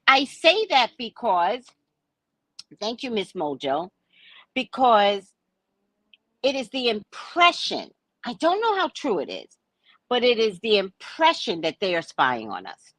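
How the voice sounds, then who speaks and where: A woman hosts a casual livestream chat, her voice sitting fairly high and swinging widely as she talks. She is theatrical and animated, acting out the people she quotes. The sound is close and dry. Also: no room sound. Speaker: psychic livestream host.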